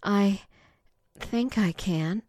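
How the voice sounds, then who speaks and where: A woman voicing a shy young woman who pleads softly and breathily in a read-aloud story. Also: medium pitch, drawn-out words, dry recording, studio quality. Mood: pleading.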